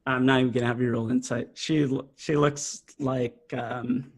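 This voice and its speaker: A man's voice: medium pitch, flat delivery, normal speed. A man narrating as game master of a tabletop game, rambling and hesitant, full of fillers.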